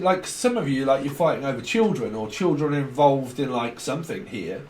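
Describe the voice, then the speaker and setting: Man, tarot reader, rambling and casual, slightly high voice, faint background noise. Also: brisk, hardly any pauses, darkish tone, reverberant. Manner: chatty, rambling, acts out snippets of dialogue, swears casually. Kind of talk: rambling tarot reading monologue.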